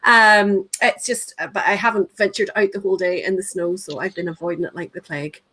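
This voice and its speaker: A woman's voice: mid-range voice, steady tone, fairly quick, sharp tone, rough recording. A woman hosting a livestream, chatting casually and reading out viewer names. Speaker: host.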